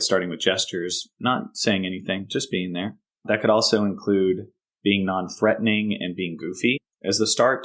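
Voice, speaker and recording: Man with a low voice explaining calmly. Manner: explanatory, acts out example phrases to kids. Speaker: counselor. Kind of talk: explaining in a podcast interview.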